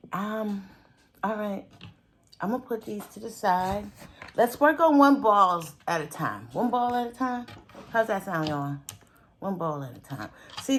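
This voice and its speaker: A woman food vlogger chatting casually to her viewers while she cooks in a home kitchen, breaking off into muttered asides as she works. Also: medium pitch. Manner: chatty, talks straight to viewers. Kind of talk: casual cooking and eating vlog.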